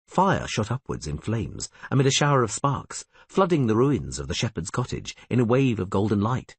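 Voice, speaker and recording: A man narrating a fantasy audiobook in an expressive, varied style. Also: on the low side, normal speed, hardly any pauses, slightly rough, no room sound. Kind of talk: scripted narration.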